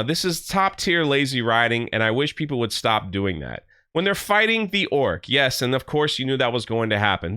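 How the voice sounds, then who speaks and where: A man hosting a casual online review, talking bluntly and sounding exasperated as he retells scenes with quick voiced asides. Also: high-pitched, bright, forceful tone, clean tone. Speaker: YouTube show host reviewing a TV series.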